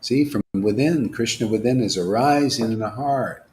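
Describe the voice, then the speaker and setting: A man giving an informal devotional sermon, asking rhetorical questions, dropping to whispers and rising to loud exclamations, laughing now and then. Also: mid-range voice, moderate pace, a little hiss or hum. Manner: animated, preachy, swings from hushed whispers to loud exclamations; asks rhetorical questions, laughs at his own jokes. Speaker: spiritual teacher.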